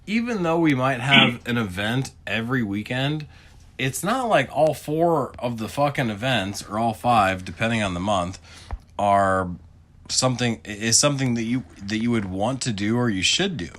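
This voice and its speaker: Animated, teasing gamer man. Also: medium pitch, moderate pace. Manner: animated, teasing, swears freely. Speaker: player on a gaming stream. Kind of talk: casual chat.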